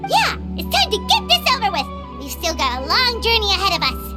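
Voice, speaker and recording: An actress voicing a tiny, chatty floating companion creature in a video game, talking quick and expressive, recorded in a studio. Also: female voice, extremely high pitch, loud music behind the voice, exaggerated voice.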